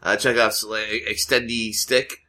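A man's voice: fairly low pitch, level tone, unhurried, pushed and bright. A man co-hosting a podcast, trading casual jokes and building absurd escalating riffs. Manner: joking, riffing on absurd escalations. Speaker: podcast co-host. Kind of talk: casual comedic banter.

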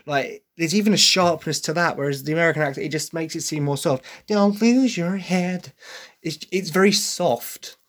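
A man's voice: a little high, fairly quick, hardly any pauses, fairly bright tone. A man from England talking through his opinions on a stage musical in a casual, rambling way, often correcting and apologising for himself. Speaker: podcast host reviewing a musical.

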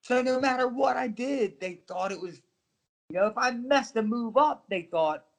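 Animated middle-aged man telling stories. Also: very high voice, moderate pace, gravelly. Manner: animated, acts out other people's voices in his stories. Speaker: guest, former wrestler. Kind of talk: casual storytelling interview.

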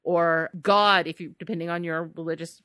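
Woman co-host, animated and rambling, laughs a lot, bright tone, dry sound. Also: fairly low pitch, normal speed, no echo. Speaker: podcast co-host. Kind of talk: casual chat.

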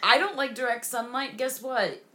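A woman's voice: a little high, moderate pace, over a noisy crowd. A woman co-hosting a podcast, chatting casually in an easygoing, agreeable way. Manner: easygoing, agreeable, laughs along. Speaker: podcast co-host. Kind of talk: casual chat.

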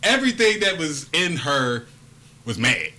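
A young man casually telling a story to friends, profane and animated, acting out what people said. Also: fairly high pitch, unhurried. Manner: profane, animated, acts out quotes.

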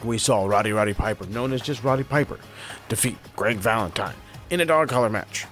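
A man co-hosting a wrestling podcast, animated and profane in casual chat, who also runs a history segment. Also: lowish voice, fairly quick, faint music behind. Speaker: podcast co-host.

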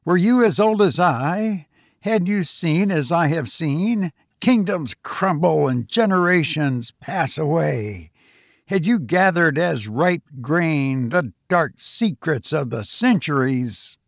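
A scornful, raving ageless sorcerer, read by a man, slow and gravelly in his grand declarations. He speaks with contempt and a faint rasp, in a dry close storybook voice. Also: fairly high pitch, expressive, no room sound, heavily acted. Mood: raving, contemptuous. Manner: grandiose, ranting. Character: ancient raving male sorcerer, arrogant and scornful.

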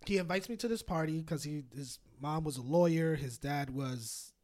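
A young man co-hosting a casual podcast, telling stories with lively acted quotes. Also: on the high side, moderate pace. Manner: animated storyteller, bursts of laughter and acted quotes. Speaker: podcast co-host. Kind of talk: casual chat.

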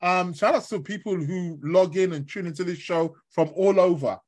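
A man hosting an astrology show live from his bed while ill with covid, rambling and chatty with lots of fillers and shout-outs to listeners. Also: high-pitched, normal speed. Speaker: astrology podcast host. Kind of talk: casual live-stream talk.

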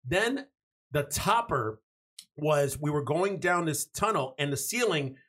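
A man's voice: on the high side, a little slow. A man telling a story in casual group chat, swearing and acting out what people said. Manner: animated, profane, acts out quotes.

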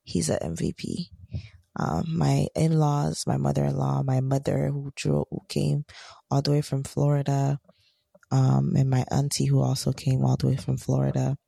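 Woman, podcast co-host, soft and subdued, gravelly fry, dry close sound. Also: deep voice, no room sound. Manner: soft-spoken, recovering from surgery. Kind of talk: casual chat.

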